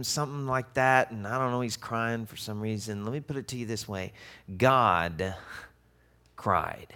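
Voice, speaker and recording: Guy preaching, chatty and animated, keeps asking the crowd questions, medium voice. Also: mid-range voice, normal speed. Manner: conversational and animated, with rhetorical questions. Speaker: pastor. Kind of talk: sermon.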